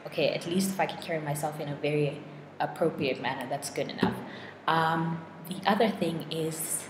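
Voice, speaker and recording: A young woman in a casual vlog monologue, chatty and self-deprecating, full of fillers and restarts. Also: deep voice. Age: young adult. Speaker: vlogger. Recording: echoey room with long reverb and clear noise.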